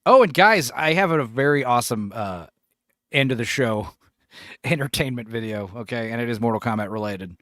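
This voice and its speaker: A man in his forties hosting a podcast in casual chat, laughing, swearing and doing animated impressions. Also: medium pitch, moderate pace, no echo, studio quality. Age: 40s. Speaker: podcast host.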